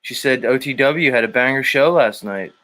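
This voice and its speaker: A man's voice: mid-range voice, normal speed, sharp tone. A man hosting a casual livestream show, rambling, joking and swearing as he reads viewer comments aloud.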